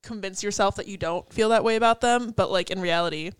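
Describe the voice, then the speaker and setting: A woman's voice: medium pitch, brisk, clear, resonant tone, no echo. Young woman co-host, mid voice, dry close sound, rambling casual lyric chat. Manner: chatty, peppered with "like", casual swearing.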